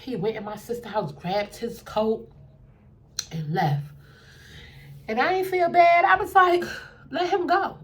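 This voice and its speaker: A young adult woman telling a dating story in a casual, animated way, acting out what people said in a lowered voice. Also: a little slow, pauses often.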